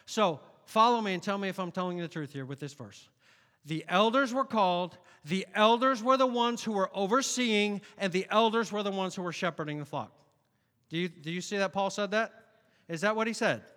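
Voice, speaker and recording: Man preaching, high voice, emphatic, challenges the crowd, long hall reverb. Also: brisk. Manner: emphatic, quizzes and challenges the congregation; swings between loud declaring and quiet asides. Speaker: pastor. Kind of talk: sermon.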